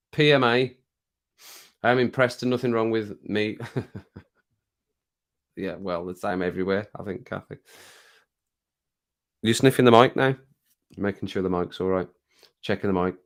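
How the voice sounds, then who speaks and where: Brief: middle-aged man from England, lowish voice, easygoing livestream host chatting with viewers. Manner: chatty, laughs often, baby-talks to his cat. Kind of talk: casual live chat, reading comments. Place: home.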